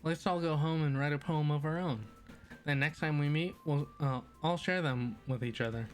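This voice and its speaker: A cheerful, confident teen girl presides over her club and makes her pitch with easy persuasion, read aloud by a man. The delivery is only lightly lifted from his own voice. Soft music hums in the background. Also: normal speed, lightly acted. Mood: persuasive.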